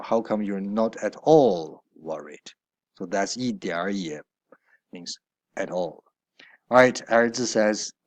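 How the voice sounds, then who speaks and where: A man's voice: lowish voice, darkish tone, no room sound. A man teaching a Chinese textbook lesson, explaining each line patiently with hesitant fillers and corrections along the way.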